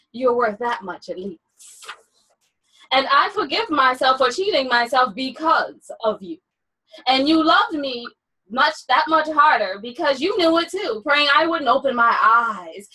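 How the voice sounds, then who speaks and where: A woman author co-hosting a casual book chat, who also reads her own poem slowly and deliberately. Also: high voice, sharp tone, slightly rough, rough recording. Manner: slow, deliberate poetry reading. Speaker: author and co-host. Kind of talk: casual chat and poetry reading.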